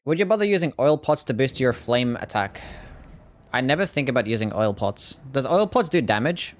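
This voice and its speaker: A man's voice: medium pitch, sing-song, normal speed. A young Australian man with an Australian accent, giving casual gameplay commentary, laid-back and swearing freely as he answers chat. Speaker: game streamer.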